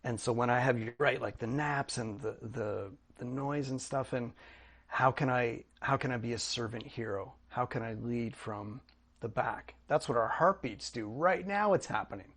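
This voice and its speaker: A man's voice: medium pitch, moderate pace, fairly bright tone. A middle-aged man speaking as a guest in a casual interview, earnest and reflective, with frequent restarts. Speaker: podcast guest, drumming coach.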